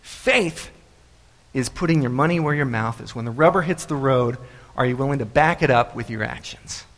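A man's voice: medium pitch, moderate pace, fairly bright tone, in a large hall. A male pastor giving a sermon in a church, talking in a loose, conversational way full of fillers and restarts. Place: church sanctuary.

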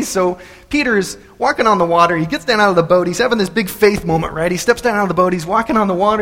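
High-voiced preacher in an echoey hall. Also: male voice, fairly quick. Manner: animated storytelling, repeats phrases for emphasis. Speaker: pastor. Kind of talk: sermon.

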